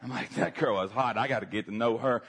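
A man with a Southern accent preaching a sermon, telling a funny personal story with lively acted-out moments. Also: medium pitch, quick pace, creaky. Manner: animated, humorous storyteller, acts out his younger self.

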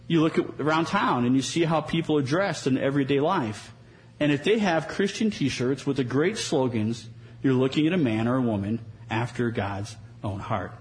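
A man's voice: medium pitch, expressive, normal speed, a little hiss or hum, rough recording. A man preaching a Sunday sermon, earnest and conversational, with dry sarcasm and small restarts. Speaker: pastor.

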